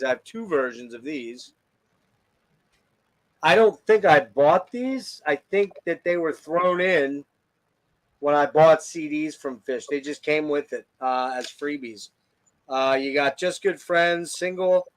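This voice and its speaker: A man hosting a casual album review show, enthusiastic and swearing freely as he gushes over tracks. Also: a little high. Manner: enthusiastic, profane, gushing. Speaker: podcast host reviewing albums. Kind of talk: casual music chat.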